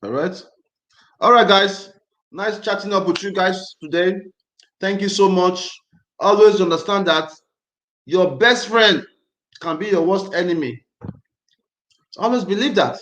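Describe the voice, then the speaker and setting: A man originally from Nigeria hosts a casual livestream, tense and angry, hammering his points home by repeating them. His voice sits high for a man. The room gives it a noticeable echo. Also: measured pace, pauses often, a bit bright. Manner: emphatic, repetitive, agitated. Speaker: livestream host.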